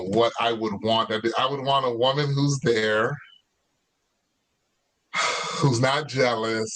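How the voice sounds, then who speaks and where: A man's voice: mid-range voice, fairly bright tone, poor audio. Male guest cook, laid-back and rambling, on a laptop video call from his home kitchen. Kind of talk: casual chat over video call. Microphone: laptop mic on video call.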